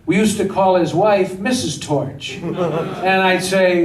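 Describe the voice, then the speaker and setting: Unhurried high-voiced man telling stories. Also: a crowd in the background. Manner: animated anecdotal, laughing often. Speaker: film director guest. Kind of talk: storytelling at a Q&A. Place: theater. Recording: echoey hall from far off, faint noise.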